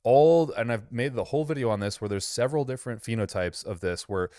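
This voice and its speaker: A man's voice: mid-range voice, fast talker, mellow, no echo, clean studio sound. A man hosting a casual reaction commentary, sarcastic and loose, often laughing and swearing. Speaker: host reacting to videos.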